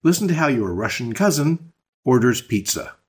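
A man's voice: medium pitch, big pitch swings, normal speed, slightly rough. A man hosting a scripted podcast language lesson, explaining patterns step by step with spoken examples. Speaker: language teacher and podcast host.

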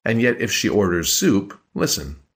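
A man co-hosting a scripted podcast language lesson, calmly explaining grammar rules with examples. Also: lowish voice, normal speed, breathy edge.

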